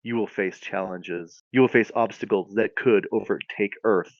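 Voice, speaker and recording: A man voicing a solemn bearded male wizard who makes slow, hushed, portentous pronouncements. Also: on the low side, dry recording, highs cut off, close to an everyday voice.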